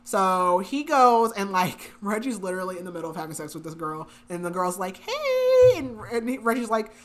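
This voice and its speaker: A young woman co-hosting a book podcast casually recaps the plot, chatty and filler-heavy, laughing often. Her voice is on the low side, a bit bright, and fairly quick.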